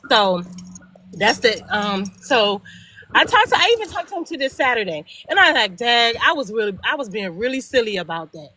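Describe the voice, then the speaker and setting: High bright-voiced middle-aged woman storyteller. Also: fairly quick. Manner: animated, acts out both sides of dialogue; emphatic repetition. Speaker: guest storyteller. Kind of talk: casual storytelling chat.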